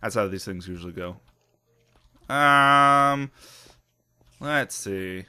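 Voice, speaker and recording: A man hosting a let's play who gives casual, excitable commentary with lots of laughs and jokes at his own expense. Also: on the low side, slow pace, clear, resonant tone. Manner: excitable, self-mocking, laughs often.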